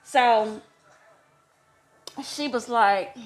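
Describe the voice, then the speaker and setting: Slow-talking chatty woman, laughs a lot. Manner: chatty, laughs often, squeals high when excited. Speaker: vlogger. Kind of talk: casual storytelling. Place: homeless shelter.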